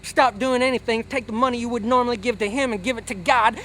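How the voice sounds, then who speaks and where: Slangy guy preaching at you, cocky and loud-ish, some noise in the back. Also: very high voice, steady tone, fast talker. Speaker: satirical preacher character. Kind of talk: comic street-preaching rant.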